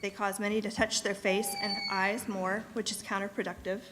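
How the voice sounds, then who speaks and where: A woman reads prepared remarks to a school board from a podium in a public meeting room. Her delivery is earnest and steady, at a middle pitch, with a faint hum of room ambience behind her. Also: moderate pace. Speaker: parent speaking at public comment.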